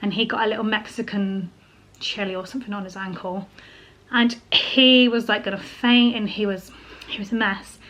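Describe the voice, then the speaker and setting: A woman's voice: medium pitch, fairly even intonation, normal speed, fairly bright tone. A young woman from England, a homemaker, chatting casually to camera in a personal vlog. She gets teary and laughs often as she talks. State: teary, crying at times. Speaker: vlogger, homemaker.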